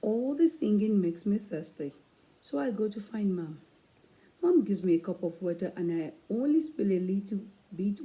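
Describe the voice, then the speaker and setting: Slow, dark-voiced woman reading aloud. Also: medium pitch, rough recording. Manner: slow, expressive storytelling with playful asides. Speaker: children's book reader. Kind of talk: reading a picture book aloud.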